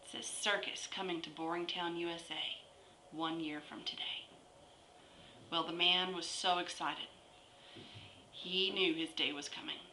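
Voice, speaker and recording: A woman tells a long joke in a bright, forceful voice that sits a little low. She takes her time, stretching the story out with pauses between phrases. The room around her is echoey, with faint ambience in the background. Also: fairly even intonation, a little hiss or hum.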